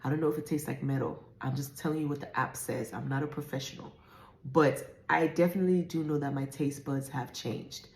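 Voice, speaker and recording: A woman's voice: sits low, steady tone, a little fast, darkish tone, reverberant. A woman in her forties giving a casual, candid pregnancy update. She chats with many fillers and restarts and sounds a little out of breath. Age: 40s. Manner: chatty and candid, with many fillers and self-corrections. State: often out of breath. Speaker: vlogger.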